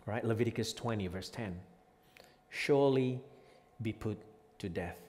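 A man preaching a sermon as pastor, moving from quiet reflective lines to loud, emphatic peaks. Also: lowish voice, unhurried. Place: church sanctuary. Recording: reverberant church hall.

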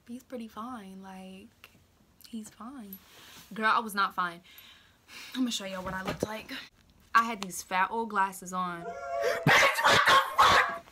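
A young woman vlogger telling a casual story, animated and slangy, with dramatic asides and sudden whispers. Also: mid-range voice, heavy background noise.

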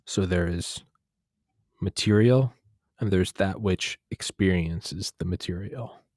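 A man's voice: low voice, slow, a little mellow, dry recording, clean studio sound. A young man talking in a casual, rambling monologue, profane and digressive, often restarting his sentences.

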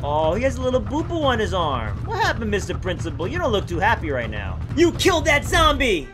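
A young man giving playful, excitable commentary while playing a video game, often yelling at the game. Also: high voice, fairly quick, hardly any pauses, background noise. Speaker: gaming youtuber. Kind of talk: let's play commentary. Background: game music.

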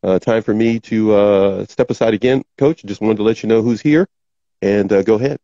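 A man's voice: lowish voice, moderate pace, mellow, dry recording, dull audio. A middle-aged man hosting a casual live show, joking about himself and stumbling over names. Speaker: show host. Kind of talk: casual live-stream chat. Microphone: home microphone.

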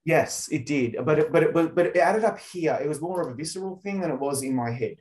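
A man's voice: a little high, expressive, fast talker, a little mellow, roomy sound. A man with an Australian accent hosting an interview over a video call, enthusiastic and rambling in his questions. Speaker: interview host. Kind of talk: casual interview chat.

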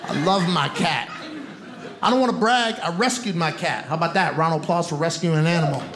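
A man with a Brooklyn accent works a comedy club crowd in a fairly high voice, punchy and playful, tossing asides to the audience. The stage sound is roomy, with clear room noise under it. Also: brisk. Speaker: stand-up comedian. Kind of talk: stand-up comedy set.

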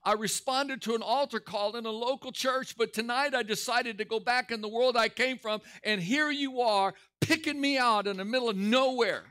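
A young man, shaken and weeping, spills out his words in a high, strained, tearful rush, as a man acts him out. The voice is bright and pointed, and the pleading sits well above the speaker's own register. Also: normal speed, few pauses.

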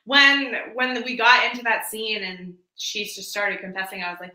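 A woman co-hosting a casual book club chat, relaxed and full of "like" fillers. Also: medium pitch, normal speed, hardly any pauses, roomy sound, poor audio. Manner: relaxed, uses filler "like" often.

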